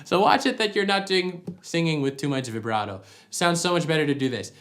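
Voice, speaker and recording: A man's voice: on the high side, expressive, fairly quick, a bit bright. A man giving a practical singing lesson at home, explaining each point by demonstrating it. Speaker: vocal coach. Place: at home with a dog nearby.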